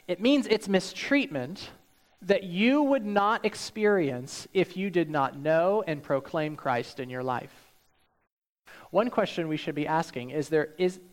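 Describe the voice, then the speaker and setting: A man preaching a sermon, acting out hyped quotes and then dropping low and soft for the serious points. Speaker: pastor.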